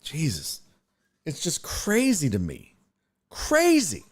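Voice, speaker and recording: A man's voice: on the high side, sing-song, takes it slowly. A man hosting a streamed sports talk show, ranting bluntly and profanely with strong opinions. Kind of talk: casual sports rant, live stream.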